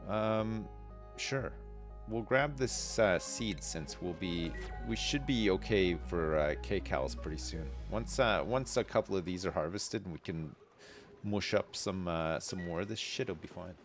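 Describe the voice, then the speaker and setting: A man streaming a game live, chatting casually and thinking aloud, with frequent fillers and quick excited reactions. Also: deep voice, faint music behind. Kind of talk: casual gameplay commentary.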